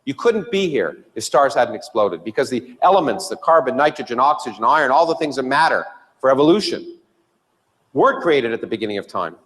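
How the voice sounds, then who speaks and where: A man's voice: medium pitch, big pitch swings, a little fast, a bit bright. A man giving a public science talk as a physicist, enthusiastic and emphatic. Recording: reverberant hall recording.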